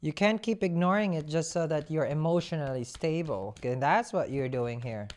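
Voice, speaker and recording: In a deep, slightly mellow voice at normal speed, a woman reads tarot conversationally. Musing hums and rhetorical questions run through her chatty delivery.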